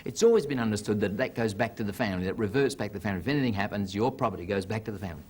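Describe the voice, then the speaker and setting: A man's voice: fairly low pitch, rapid-fire, a little mellow, slightly rough. A man playing a flustered young husband who stammers and dodges his wife's questions in a told joke. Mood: indignant.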